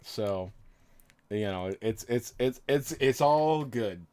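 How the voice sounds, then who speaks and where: A man's voice: medium pitch, expressive, slow pace, a little mellow, a little hiss or hum. A man in his thirties, drunk, chatting casually on his stream in a rambling, crude, self-mocking way with frequent laughs. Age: 30s. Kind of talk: casual chat.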